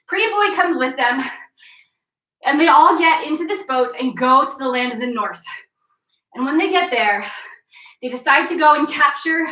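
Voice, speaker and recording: A young woman leads a home workout class and tells an old legend between exercise cues, playful and full of energy. Her voice is high and bright. It is recorded from some distance in an echoey room. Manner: energetic, playful, retelling a legend while cueing moves. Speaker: fitness instructor. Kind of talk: live workout class with storytelling.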